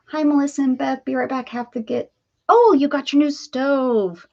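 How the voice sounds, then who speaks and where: A woman's voice: sits high, steady tone, normal speed, vocal fry, muffled recording. A woman from the Pittsburgh area hosting a crafting live stream, chatting casually and greeting viewers by name as she works.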